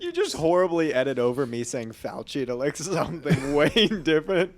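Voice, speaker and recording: A man's voice: on the high side, sing-song, moderate pace. A man, a stand-up comedian, chatting as a guest on a podcast. He laughs often and riffs on jokes. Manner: laughing often, riffing with put-on voices. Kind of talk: casual comedic chat.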